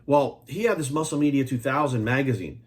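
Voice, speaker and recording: A man in his forties, a fitness coach, ranting bluntly and profanely to his viewers. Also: medium pitch. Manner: rapid, pushy, talks straight at viewers. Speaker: fitness coach and supplement maker. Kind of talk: ranting monologue to camera.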